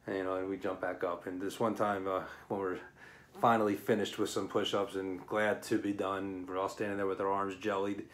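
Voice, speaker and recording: A man's voice: deep voice, little pitch movement, brisk. Self-deprecating middle-aged man telling a story. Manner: plain-spoken, self-deprecating, rambling. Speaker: former firefighter. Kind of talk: spoken personal anecdote.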